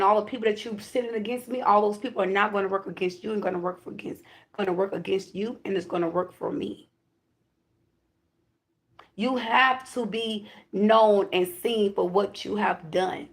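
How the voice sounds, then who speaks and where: A woman with a gravelly, creaky edge speaks as a self-styled high priestess. She hammers her points home through repeated declarations and drops in casual profanity as she channels a spiritual message to her audience. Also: fairly even intonation, normal speed.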